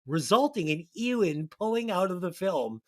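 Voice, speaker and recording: A man's voice: sits high, sing-song, normal speed. A man hosting a casual movie-review podcast, reading out segments in a loose, jokey way and tripping over his own words. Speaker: podcast host.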